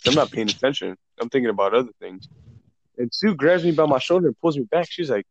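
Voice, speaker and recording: A young man, a podcast co-host, casually tells a profane story among friends, acting out the dialogue in a loose, animated retelling. His voice is medium-pitched and fast. The recording sounds dull, dry, and lo-fi, with a little hiss or hum.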